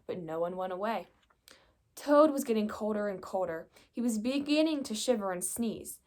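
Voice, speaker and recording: A young woman reads a children's picture book aloud. Her mid-pitched voice is steady and gentle as she carries the story along. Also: normal speed. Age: young adult. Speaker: reader.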